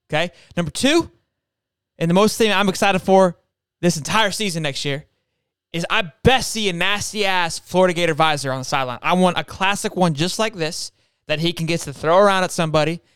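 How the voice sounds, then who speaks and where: Excitable sports host, high and clear, emphatic rants. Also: male voice, no echo, clean studio sound. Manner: fired-up, emphatic, keeps tacking on "okay?". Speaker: podcast host. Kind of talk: casual sports talk.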